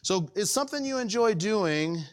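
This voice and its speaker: Male pastor, high-pitched, folksy conversational sermon with many asides to the congregation. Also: animated, moderate pace. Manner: conversational preaching with frequent questions to the congregation; wide swings between raised and hushed delivery.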